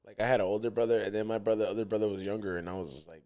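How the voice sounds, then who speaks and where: A man with a lowish voice co-hosts a podcast, talking at a racing pace. He tells stories in loose, slangy, casual chat with animated delivery.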